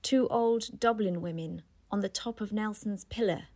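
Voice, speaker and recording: A woman's voice: mid-range voice, normal speed, a little mellow, natural voice. A woman reading the part of an older male professor who exclaims in amusement. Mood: amused.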